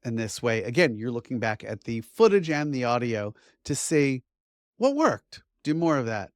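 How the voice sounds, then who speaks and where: A man's voice: medium pitch, very animated, moderate pace, dry recording, clean studio sound. A middle-aged man, a media trainer, giving an upbeat, conversational lesson to camera. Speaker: media trainer and course instructor. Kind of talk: instructional talk to camera.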